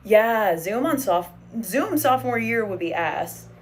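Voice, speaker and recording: A young woman streaming from her living room chats casually, swearing freely and reading viewers' comments as she braids her hair. She speaks a little slowly in a fairly high voice with lively intonation.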